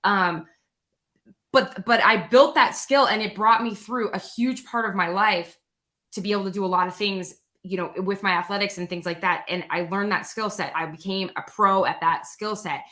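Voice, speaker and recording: A young adult woman talking as a guest in a casual interview, energetic and animated, speaking quickly with lots of "like". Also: medium pitch.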